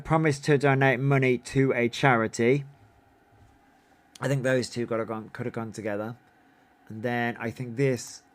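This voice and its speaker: A man hosting a livestream in casual commentary, reading down a numbered list and adding offhand remarks. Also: mid-range voice. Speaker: livestream host.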